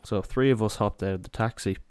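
A man's voice: lowish voice, fairly quick, a little mellow, clear, resonant tone, no room sound, clean studio sound. A young Irish man in his twenties telling a rambling comic story in casual chat, full of asides and "you know".

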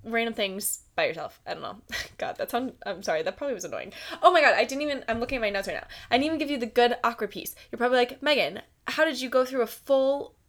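A woman's voice: a little high, animated, very fast, a bit bright. Young woman, podcast host, chatty, giggly, filler-heavy casual talk. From United States. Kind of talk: casual solo podcast chat.

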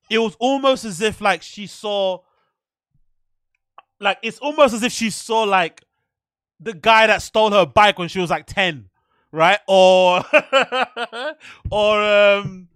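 Speaking at a measured pace in a smooth, high, bright voice, this podcast host spins loose, profane anecdotes during casual conversation, wandering and circling back as he goes. The recording is dry, close, and free of echo.

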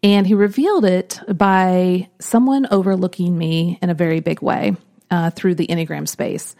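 A woman hosting a podcast, telling a personal story in an earnest, reflective way, often trailing off softly. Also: fairly low pitch, fairly even intonation, moderate pace. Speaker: podcast host.

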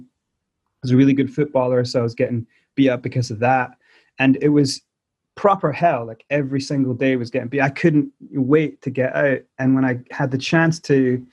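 A man with a Scottish accent still tinged by South Africa, speaking at a medium pitch for a man. He rambles through his story with restarts and fillers. The audio sounds a bit dull and lo-fi. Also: darkish tone. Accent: Scottish with South African traces. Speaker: podcast guest, musician. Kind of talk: casual interview storytelling.

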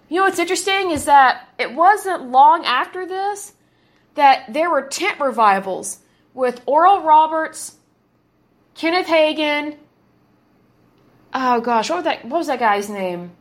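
A woman in her thirties hosting a podcast, giving an indignant, emphatic commentary and repeating words for force. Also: high-pitched. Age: 30s. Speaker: podcast host. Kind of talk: opinionated commentary monologue.

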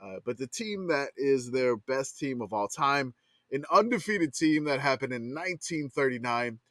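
A man's voice: mid-range voice, expressive, normal speed, a bit bright, dry recording. A man co-hosting a casual sports podcast chat, often stumbling and restarting his sentences. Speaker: podcast co-host.

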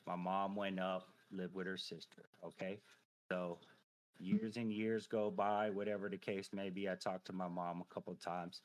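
Casual and animated, a podcast veteran in his thirties tells a personal anecdote peppered with curses and filler words. His pitch sits low and his pace is moderate.

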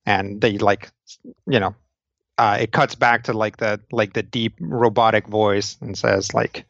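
A man runs a tabletop game in a low voice. He talks slowly, halting over fillers and restarts, and his words stay unhurried as he lays out the scene. The recording is dry and a little dull. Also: fairly even intonation, creaky, fairly bright tone, no echo. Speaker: game master.

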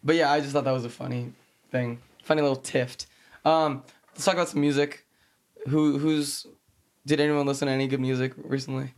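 A man's voice: medium pitch, fairly even intonation, fairly quick. Young guy hosting a podcast, laughs a lot, loose jokey chat. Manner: laughs often, loose and joking. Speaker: podcast host. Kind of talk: casual chat.

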